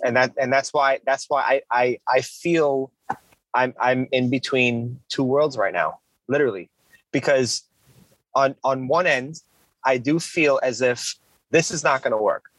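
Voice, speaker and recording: A man co-hosting a casual podcast, talking in halting, rambling bursts with a lot of repeated words. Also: mid-range voice, a bit bright, no echo, low-quality recording. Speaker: podcast co-host.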